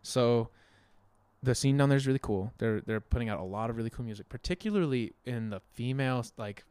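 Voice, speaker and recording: A young man talks through his plans in an easy, rambling way, chuckling now and then. His voice sits at an ordinary middle pitch. The room sound is dry and close. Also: brisk, clean tone, no room sound. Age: young adult. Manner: relaxed, rambling, laughs often. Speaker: musician guest. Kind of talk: casual conversation.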